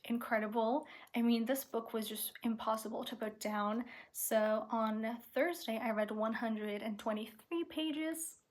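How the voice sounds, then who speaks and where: An excitable young woman talks to her camera about her reading in a slightly high voice. She gushes and rushes, and at tense moments she drops into a nervous whisper. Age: young adult. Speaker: book vlogger. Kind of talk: casual vlog talk to camera.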